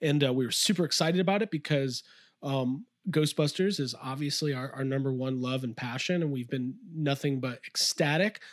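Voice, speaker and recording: A man's voice: medium pitch, moderate pace, no room sound, studio quality. A man co-hosting a casual podcast from his toy room, enthusiastic and rambling with lots of fillers. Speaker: podcast co-host. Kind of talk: casual chat.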